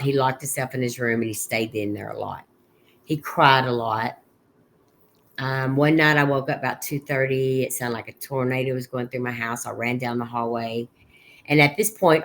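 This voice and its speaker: Her voice a rumbling low with a little hiss or hum in the audio, a middle-aged woman appears as a podcast interview guest to describe her son's last months. As a grieving mother, she tells it haltingly, restarting often and recounting past dialogue.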